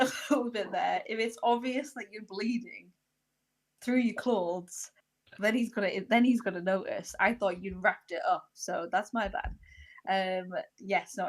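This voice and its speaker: Casting: woman game master, chatty, laughs a lot, mid-pitched. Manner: giggly, chatty, lots of fillers. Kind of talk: narrating a tabletop game.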